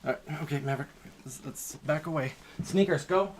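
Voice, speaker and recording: A man's voice: fairly high pitch, moderate pace. A man in his thirties chatting casually as he hosts a live stream and keeps stopping to scold a barking puppy. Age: 30s.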